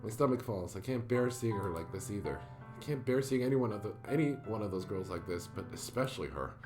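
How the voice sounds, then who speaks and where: Brief: lively male let's-player, middling pitch, reads and reacts, faint music. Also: a little fast. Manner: animated, jokey, reactive. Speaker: let's-play narrator. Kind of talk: reading a visual novel aloud with reactions.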